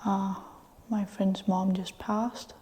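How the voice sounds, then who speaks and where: A woman's voice: mid-range voice, level tone, slow pace, warm tone, breathy edge. A young woman from Denmark talking casually to camera in a vlog, hesitant with many fillers, sometimes dropping to a half-whisper. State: sick, in bed. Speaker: vlogger.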